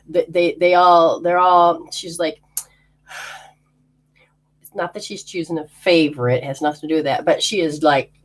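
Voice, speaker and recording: A woman hosting a casual live spirit reading, rambling, laughing often and acting out what the spirits say. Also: low-pitched. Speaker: spiritual healer and medium.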